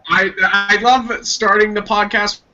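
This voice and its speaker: A man's voice: sits high, fairly even intonation, unhurried, sharp tone. A man co-hosting a podcast, joking and crude in casual chat. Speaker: podcast co-host. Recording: dull lo-fi stream audio.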